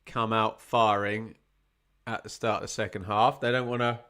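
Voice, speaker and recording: Bloke calling a footy match live, chatty and wry, bright sharp voice. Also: male voice, fairly low pitch, normal speed, smooth. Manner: chatty, wry asides, gets excited at chances. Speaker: watch-along commentator. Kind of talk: live football watch-along commentary.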